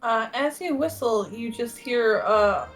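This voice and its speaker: A woman runs a tabletop game in a loose, casual narrating voice scattered with fillers. Her pitch sits a little high, and faint music plays underneath. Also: expressive, unhurried. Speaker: game master.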